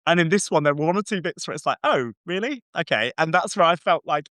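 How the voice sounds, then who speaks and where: A man hosting a casual podcast chat, excitedly acting out quoted lines in shifting voices. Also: a little high, fast talker, dry recording, clean studio sound. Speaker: podcast host.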